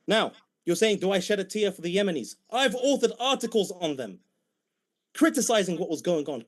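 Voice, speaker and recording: A man with a British accent debating heatedly, mocking and combative toward his opponent. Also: high voice.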